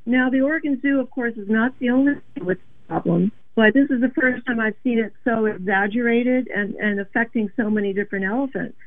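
A woman speaking as a guest in a phone interview, explaining in an earnest, measured way. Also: fairly high pitch, dry recording. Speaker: animal advocate guest. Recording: tinny phone line.

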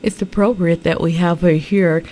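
A woman co-hosting a book talk show, speaking in an even, steady way. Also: lowish voice, normal speed, a little hiss or hum.

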